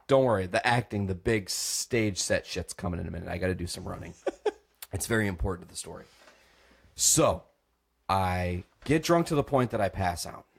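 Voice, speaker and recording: A young man on a podcast telling a rowdy story, swearing and acting out voices as he goes. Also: fairly low pitch. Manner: acts out voices, swears freely, laughs often. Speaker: podcast host. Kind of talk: animated storytelling on a comedy podcast.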